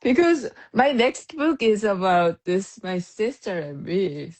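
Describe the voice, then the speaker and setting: Very slow, lively woman guest. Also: medium pitch. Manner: short giggly answers. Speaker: guest picture book author. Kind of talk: casual interview chat. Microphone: video call.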